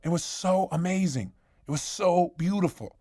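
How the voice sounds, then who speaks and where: High-voiced emphatic motivational speaker, man. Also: normal speed, no room sound, clean studio sound. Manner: animated, emphatic, acts out dialogue. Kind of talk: motivational seminar storytelling.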